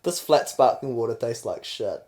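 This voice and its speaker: A young man from New Zealand with a New Zealand accent, co-hosting a podcast and telling crude comic stories quickly and loosely. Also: medium pitch, lively intonation, a crowd in the background. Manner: fast, rambling storyteller, acts out quotes. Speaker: podcast co-host. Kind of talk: crude comedic banter.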